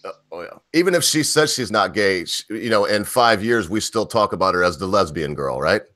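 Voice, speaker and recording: A man with a low voice, talking in a rambling, animated way and stopping himself mid-thought. His voice sounds dry and close, with no room echo. He co-hosts a casual chat. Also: fairly quick. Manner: rambling, animated, self-interrupting. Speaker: co-host.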